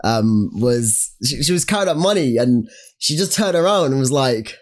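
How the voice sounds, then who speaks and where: Young man, podcast co-host, lively casual storyteller. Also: mid-range voice, normal speed. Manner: animated storytelling with London slang. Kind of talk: casual chat.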